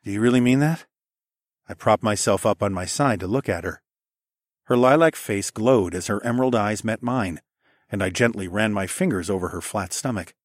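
A man narrating an erotic audiobook in a soft, intimate, often hushed voice. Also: fairly low pitch, normal speed, no room sound, studio quality.

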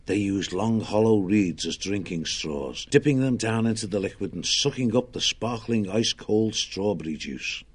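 A man narrating an audiobook in a measured storytelling manner. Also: deep voice, breathy edge.

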